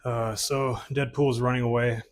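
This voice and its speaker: A man's voice: mid-range voice, little pitch movement, normal speed. A man casually talking through his old comic portfolio pages, rambling with many fillers and restarts. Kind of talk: casual chat.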